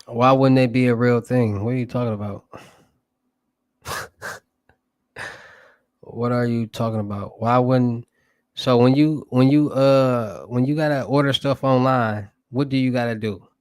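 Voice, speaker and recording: A man's voice: mid-range voice, unhurried, pauses often, darkish tone, no echo. A young man with a Southern US accent, hosting a livestream in loose, rambling casual chat and asking his viewers for topics. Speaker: livestream host.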